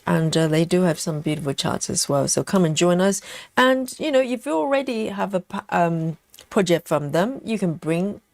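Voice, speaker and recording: A woman hosting a cross-stitch livestream, chatting casually and relaxed, with many fillers, snacking on chocolate as she talks. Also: on the low side, moderate pace, dry recording.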